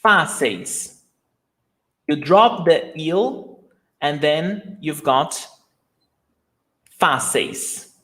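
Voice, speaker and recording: A man whose first language is Portuguese, teaching a live online lesson and patiently repeating words slowly for his learners. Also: a little high, animated, pushed and bright.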